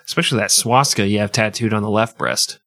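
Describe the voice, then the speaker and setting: A man's voice: fairly low pitch, fast, sharp tone. Crude, joking man hosting a podcast. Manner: crude, joking, laughs often. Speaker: podcast host. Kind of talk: casual comedic history podcast.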